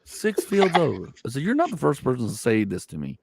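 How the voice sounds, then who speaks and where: A comedian from Georgia with a Southern accent tells comic stories on a live chat show, acting out quoted dialogue and swearing casually. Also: male voice, medium pitch, wildly swooping pitch, quick pace, gravelly, darkish tone, husky, dry recording. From Georgia, USA. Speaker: comedian and co-host.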